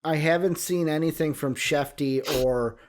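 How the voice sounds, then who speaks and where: A man with a Chicago accent chats casually as a sports podcast co-host. His voice sits slightly high, and he rambles through his thoughts with "uh" and "um" as he works out his points. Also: unhurried. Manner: rambling, thinking aloud with fillers.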